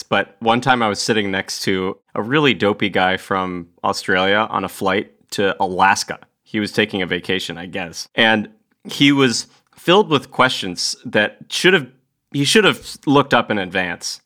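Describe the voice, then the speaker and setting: A man's voice: lowish voice, moderate pace, pushed and bright. A young adult man, a band member on a podcast, telling rambling, amused anecdotes. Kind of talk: casual chat.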